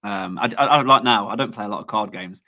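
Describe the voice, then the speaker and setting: A man's voice: lowish voice, quick pace, pushed and bright. A man with an English accent, a guest chatting casually on a livestream, laughing often and restarting his sentences. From England. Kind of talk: casual chat.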